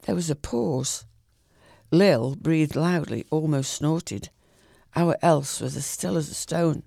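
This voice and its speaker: A man reading a short story aloud in a calm, even way, with the odd small slip. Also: a little high, slow, creaky, dry recording, studio quality.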